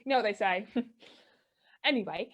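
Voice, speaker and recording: A woman's voice: mid-range voice, moderate pace, fairly bright tone, natural voice. A woman playing a paranoid cousin who argues insistently in a live improv comedy scene. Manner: insistent, argumentative. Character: paranoid, accusing cousin afraid of dinosaurs. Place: live stage show.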